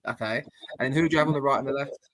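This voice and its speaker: Blunt bloke hosting a podcast. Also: male voice, mid-range voice, racing, fairly bright tone. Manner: blunt, laddish, swears freely. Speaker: podcast host. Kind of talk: casual football podcast chat.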